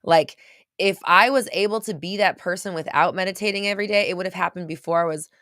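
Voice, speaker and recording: A woman's voice: lowish voice, quick pace, fairly bright tone, no room sound, studio quality. A woman host talking casually to a live chat, rambling with many restarts and at times getting choked up. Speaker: podcast host.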